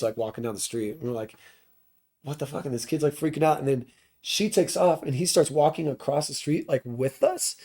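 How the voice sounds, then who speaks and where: A man's voice: on the high side, warm tone. A man guesting on a podcast, telling a tour story in a loose, profane, rambling way full of "like" fillers. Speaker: podcast guest, touring band musician. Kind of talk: casual storytelling.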